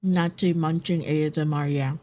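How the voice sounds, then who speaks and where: A young woman streamer chatting casually with viewers in a low, groggy voice from just waking up, laughing and swearing easily while she eats. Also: fairly even intonation, moderate pace, mellow. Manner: laid-back, laughs often, swears casually, chats with viewers while eating. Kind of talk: casual live-stream chat.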